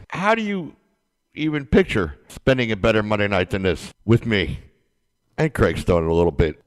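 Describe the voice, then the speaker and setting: A man's voice: lowish voice, clear, resonant tone. A man hosting a wrestling podcast, hyped up, playful and sarcastic as he chats to his listeners. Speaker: podcast host. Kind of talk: casual wrestling podcast chat.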